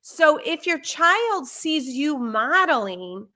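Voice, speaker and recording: A high-pitched woman with a bright, lively timbre talks through parenting advice. She is animated and breaks into little acted-out lines of what a parent or child might say. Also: measured pace. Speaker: parenting educator. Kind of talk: conversational advice on a live stream.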